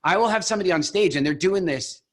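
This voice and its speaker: A man leading a coaching call over video, telling stories with animated, expressive delivery. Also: high voice, fast talker. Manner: animated, expressive storyteller who acts out examples. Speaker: program founder coaching coaches.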